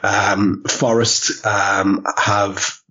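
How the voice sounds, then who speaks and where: Husky low-voiced man hosting a podcast. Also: level tone, extremely slow, bright, forceful tone. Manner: hesitant, many fillers. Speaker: podcast co-host. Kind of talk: casual football podcast chat.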